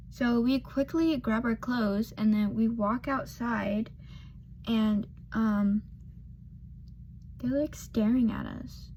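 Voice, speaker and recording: While putting on makeup, an eighteen-year-old woman murmurs asides and rambles through a personal story, heavy on fillers and self-deprecation. Her voice is on the high side, warm and steady, slow with frequent pauses, against slight background noise.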